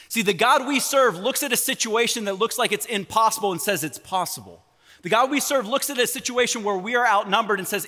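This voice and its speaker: A man's voice: high voice, lively intonation, quick pace, bright, forceful tone. A man preaching a sermon as pastor, telling the story with sarcastic humor in a church. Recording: long church hall reverb.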